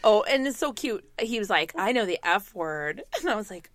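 A woman's voice: medium pitch, lively intonation, normal speed, hardly any pauses. A woman hosting a casual chat, reacting bluntly and laughing along with her guests. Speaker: host.

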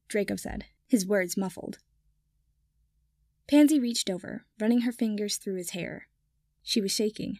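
A woman reading fiction aloud in calm, even narration. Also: mid-range voice, unhurried, long pauses, no echo, studio quality. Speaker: audiobook reader.

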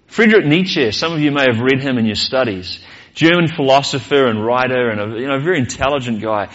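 A man's voice: mid-range voice, brisk, fairly bright tone, highs cut off. A male pastor, preaching a sermon earnestly and posing rhetorical questions.

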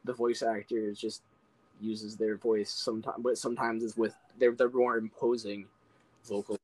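A young man co-hosting a casual podcast, talking in an animated way, swearing freely and saying "like" a lot. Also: on the low side, moderate pace, no room sound, rough recording. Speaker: podcast co-host. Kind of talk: casual chat.

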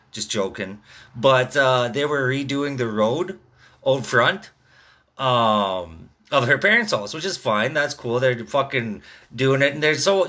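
A man's voice: mid-range voice, a bit bright. A man in his thirties rambling through a casual, profane rant, tagging his sentences with "dude" and "man.". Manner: rambling, swearing constantly, drawled "dude" and "man" tags.

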